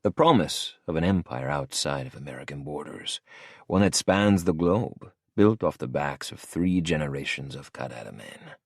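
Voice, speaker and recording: A man's voice: rumbling low, expressive, moderate pace, husky, no room sound. A man narrating a first-person audiobook in a cool, hard-edged manner, close to the mic.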